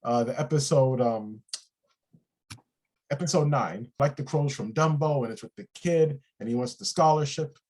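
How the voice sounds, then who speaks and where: A man co-hosting a casual TV review chat, relaxed and thinking aloud with many pauses and fillers. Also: mid-range voice. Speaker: co-host of a TV review show.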